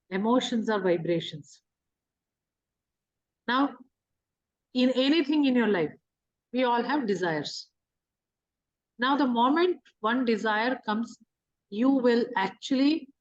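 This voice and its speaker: High-voiced woman teaching, lo-fi sound. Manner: explains with rhetorical questions and everyday examples. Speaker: spiritual teacher. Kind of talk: teaching talk on emotions and manifestation. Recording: dull lo-fi recording.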